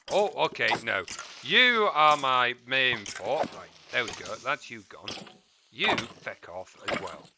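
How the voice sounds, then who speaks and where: A man's voice: medium pitch, very animated, slow pace, background noise. A man chatting casually while streaming a game, cursing at mobs and muttering asides to viewers. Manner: swears freely, mutters asides, chats to viewers. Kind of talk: casual gameplay stream chat.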